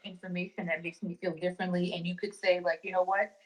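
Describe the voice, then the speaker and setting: A woman's voice: on the low side, little pitch movement, fast talker, low-quality recording. A woman in a casual discussion, talking frankly and reflectively, swearing now and then. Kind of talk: casual chat.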